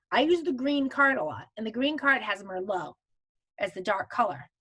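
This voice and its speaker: A woman's voice: mid-range voice, animated, moderate pace, a bit bright, slightly rough. A woman teaching makeup steps over a video call, in a chatty, casual way with frequent restarts. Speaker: makeup consultant teaching a virtual class. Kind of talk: casual live video training.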